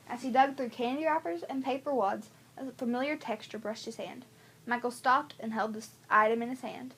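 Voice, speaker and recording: Woman reading an audiobook, higher voice. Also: slight background noise. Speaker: audiobook reader. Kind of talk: audiobook narration.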